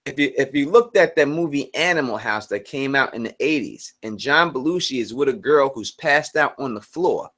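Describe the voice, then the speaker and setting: A man's voice: mid-range voice, animated, moderate pace, hardly any pauses, fairly bright tone. Earnest man talking on a live stream. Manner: earnest, repeats himself, restarts sentences. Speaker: channel host.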